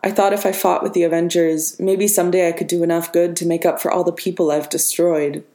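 A woman voicing a guilt-ridden young woman with powers who speaks flatly and bitterly in an audiobook reading. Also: on the low side, brisk, natural voice. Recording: roomy reverberant room.

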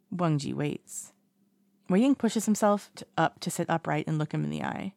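A woman narrates fiction in a calm, even audiobook reading. Her voice is low with a gravelly texture, and the sound is dry and close. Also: moderate pace, no room sound.

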